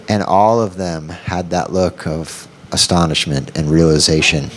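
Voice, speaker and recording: A man presenting at a workshop who tells a story and acts out its lines in an animated way. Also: sits low, unhurried, few pauses, slight background noise. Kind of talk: storytelling in a training talk.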